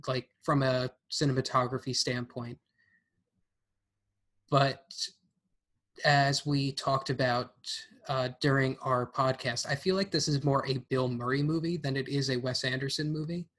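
A man's voice: mid-range voice, fairly bright tone. Chatty man hedging his film ranking. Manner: rambling, hedging with fillers and restarts. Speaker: podcast co-host. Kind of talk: casual film-ranking chat.

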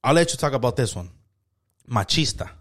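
A podcast co-host with a mid-range, slightly bright voice tells stories in a very animated, fairly quick way. His chat is casual, slangy and profane, and he acts out the quotes.

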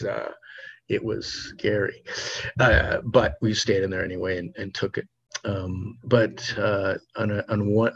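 A man's voice: lowish voice, muffled recording. A man being interviewed on a podcast, telling a long personal story in a rambling way with many restarts. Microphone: remote podcast mic.

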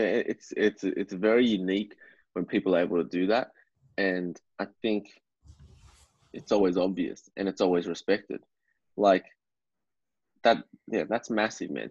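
A man with a very deep, husky voice muses in a relaxed podcast conversation, often circling back on his words as he thinks aloud. He sounds motivational rather than loud. The recording is dry and a little dull, with no room sound. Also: dry recording. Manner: reflective, motivational, repeats words while thinking. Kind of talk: casual podcast chat.

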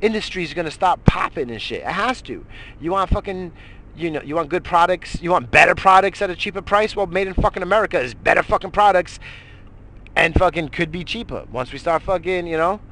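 A man's voice: high-pitched, animated, fairly quick, a bit bright. A middle-aged man hosting a morning show, ranting heatedly about politics with constant swearing and rambling restarts. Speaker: radio show host. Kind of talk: profane political rant.

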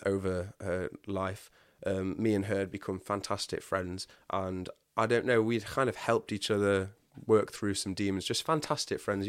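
A man's voice: low voice, no echo, clean studio sound. A man, telling his personal story in a candid, confessional way on a podcast, often restarting his sentences. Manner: earnest, confessional, frequent restarts. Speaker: podcast guest.

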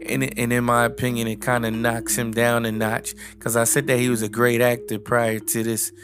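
A man's voice: medium pitch, normal speed. A man giving a casual, rambling movie review, full of fillers and restarts, with light music behind him. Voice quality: flat, rambling with many restarts. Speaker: film reviewer.

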